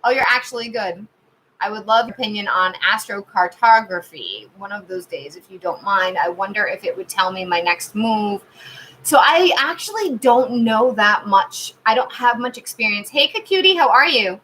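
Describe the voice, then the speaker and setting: A woman in her thirties hosts a live tarot stream and chats casually with her viewers. She has a bright, clear voice that sits at an ordinary middle pitch. She rambles through stories, dropping "like" and "um" as she goes. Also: expressive, moderate pace, a little hiss or hum, rough recording. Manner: chatty storytelling with many fillers and laughs. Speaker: tarot reader and channel host.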